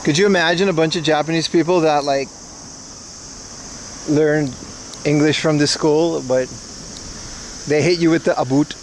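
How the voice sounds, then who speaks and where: A man's voice: fairly high pitch, fairly even intonation, unhurried, pauses often, slight background noise. A young man hosting a livestream, chatting casually and jokingly with viewers while walking outdoors through town streets. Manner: joking, wry, rambling. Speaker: livestream host. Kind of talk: casual chat with stream viewers.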